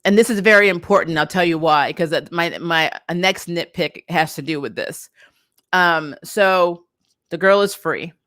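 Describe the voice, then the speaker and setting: A woman casually reviewing a TV episode, animated and exasperated, laughing between her points. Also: lowish voice, moderate pace, no room sound, studio quality. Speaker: TV review vlogger.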